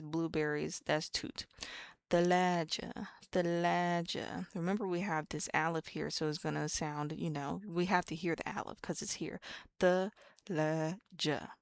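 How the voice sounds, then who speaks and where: A woman's voice: low-pitched, creaky, no echo. An American woman giving a casual, playful lesson, repeating each sound several times with chatty asides. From United States. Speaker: language teacher.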